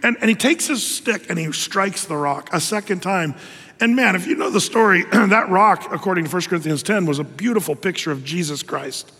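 A man preaching a sermon, telling the story lively with acted asides. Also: high-pitched, a little fast, breathy edge, big-room sound.

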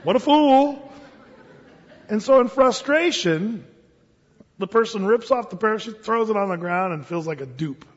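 A man preacher telling a sermon story, dramatic and shifting between hushed and emphatic delivery. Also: high voice, expressive, normal speed, husky, in a large hall, lo-fi sound.

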